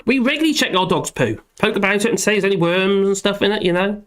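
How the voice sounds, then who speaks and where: Middle-aged male streamer, high voice with a bouncy, lively delivery, jokey and self-deprecating. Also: quick pace. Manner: rambling, jokey, self-deprecating, chuckles often. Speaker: live stream host reading chat. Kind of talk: casual live stream chat.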